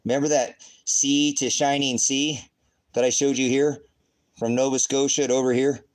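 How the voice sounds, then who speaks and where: A man's voice: mid-range voice, flat delivery, normal speed, rough recording. Rambling, cussing man preaching online. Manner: rambling, rhetorical questions, profane outbursts. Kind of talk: casual livestream commentary.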